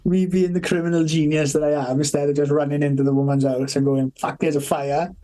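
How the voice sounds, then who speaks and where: A man's voice: fairly high pitch, little pitch movement, fast talker, mellow. A man, telling childhood stories on a podcast, swearing a lot and laughing between lines. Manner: swears constantly, laughs through stories, acts out voices. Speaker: podcast co-host. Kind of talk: casual storytelling chat.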